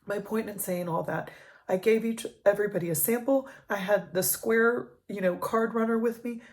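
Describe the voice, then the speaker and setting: A woman's voice: on the high side, a little mellow. A woman in her thirties, a life coach, speaking earnestly and emotionally in a personal vlog. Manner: earnest, emotional, talks with emphasis.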